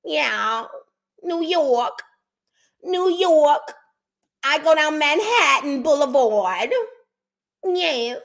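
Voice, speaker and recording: A woman doing an impression of a chatty New York lady with a whiny, drawn-out manner. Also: a little high, gravelly, bright, forceful tone, full character voice. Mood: mock-chatty.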